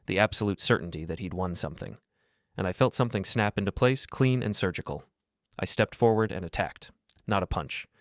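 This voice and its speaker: A man narrating a first-person story in a calm, even, measured way. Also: low voice, no room sound, studio quality.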